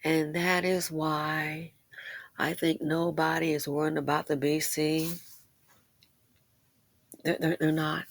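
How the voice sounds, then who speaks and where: A woman's voice: deep voice, little pitch movement, slow, gravelly, long pauses, no echo. Impassioned woman commentator, dry sound. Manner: impassioned, swings between loud emphasis and hushed asides. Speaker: commentary channel host. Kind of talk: emphatic social commentary.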